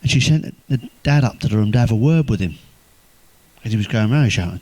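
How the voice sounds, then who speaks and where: Man, stand-up comic, foul-mouthed jokes, deadpan delivery, mid-pitched voice, dry recording. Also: fast, dry recording. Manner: crude, swears constantly, laughs at own jokes; deadpan one-liners. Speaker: comedian. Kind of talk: stand-up joke telling.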